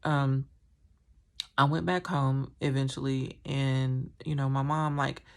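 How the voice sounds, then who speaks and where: A woman's voice: extremely low pitch, steady tone, slow pace, creaky. A woman telling a painful personal story to camera, candid and rambling, with many fillers and a strained, emotional tone. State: emotional, recounting trauma.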